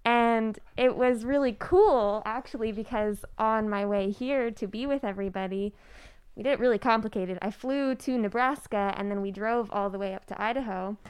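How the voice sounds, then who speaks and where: A woman's voice: fairly high pitch, moderate pace, smooth. A woman not from the Midwest, chatting casually and animatedly as a cast member on a talk show. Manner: animated, rambling, many "like"s. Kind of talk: casual chat.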